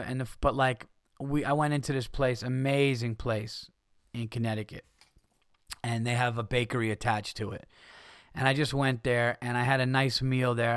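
Speaking at a medium pitch in a smooth voice, a man hosts his own podcast and launches into a casual comedy rant full of swearing. He brings the characters in his stories to life by acting them out, and the studio-quality audio has no echo.

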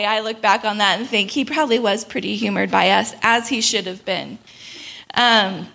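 A young woman telling a travel story in a sermon, animated and laughing often as she acts out the people in it. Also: mid-range voice, normal speed, vocal fry. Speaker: speaker at a church gathering.

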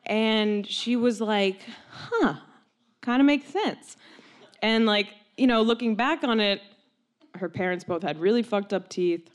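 A young woman telling a long personal story, animated and laughing often, with many "like"s and quoted voices. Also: mid-range voice, measured pace.

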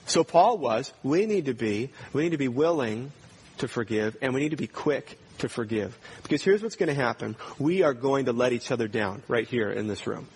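A man's voice: mid-range voice, lively intonation, moderate pace, slightly rough. A male pastor preaching a sermon in a church, earnestly putting pointed questions to his congregation.

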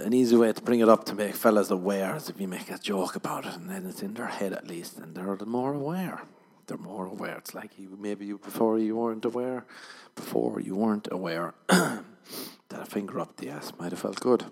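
A man, hosting a podcast and riffing through a deadpan comic monologue that jumps into loud mock voices. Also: fairly low pitch, brisk, gravelly, husky. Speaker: podcast host.

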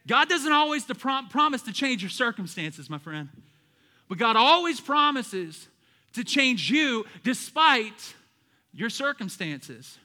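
Bright-voiced pastor preaching. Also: male voice, very high-pitched, very animated, takes it slowly, big-room sound. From American South. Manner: emphatic preaching, calls out to the congregation. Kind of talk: sermon.

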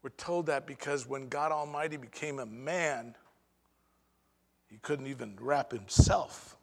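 A man preaching a sermon as pastor, with dramatic pauses and sudden swings between soft and loud delivery. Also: medium pitch, vocal fry, long reverb tail.

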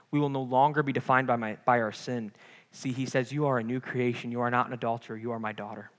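Passionate preacher, echoing church hall. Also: male voice, medium pitch, a bit bright. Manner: passionate, rising and falling preaching with call-outs; casual, playful asides to the congregation. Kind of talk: sermon.

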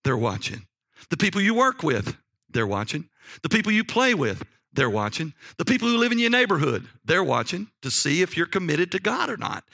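A middle-aged man preaching a sermon, telling personal stories in a folksy, animated way and often checking in with "okay?". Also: a little high, creaky, dry recording, clean studio sound.

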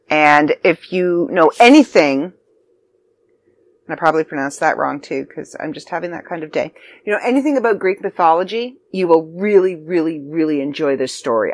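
Chatty low-voiced woman podcast host. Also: no room sound. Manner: chatty and scattered, frequent ums, talks to her pets mid-show. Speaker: podcast host and magazine contributor. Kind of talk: casual podcast chat.

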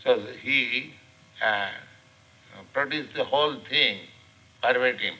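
Slow, bright-voiced older Indian teacher. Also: male voice, mid-range voice, rough recording. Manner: slow, deliberate lecturing with frequent pauses and fillers. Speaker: spiritual teacher. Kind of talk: scripture class lecture. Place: class room.

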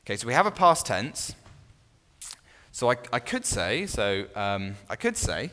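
A man leads a small Bible study group in a reverberant room, teaching informally and conversationally. His medium-pitched voice is sing-song and sharp, moving at a measured pace, and he often restarts his phrases and asks the group questions.

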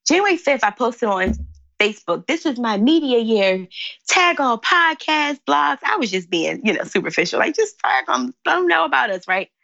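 Gravelly, high-pitched woman storyteller. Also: moderate pace, no room sound, lo-fi sound. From Philadelphia. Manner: expressive, acts out quotes with big pitch jumps. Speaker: guest, company founder. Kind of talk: animated storytelling in conversation.

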